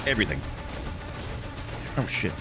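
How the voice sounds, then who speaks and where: A man's voice: moderate pace, over music. A young man streaming games, greeting his chat in a playful, banter-filled way with casual swearing. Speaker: gaming streamer.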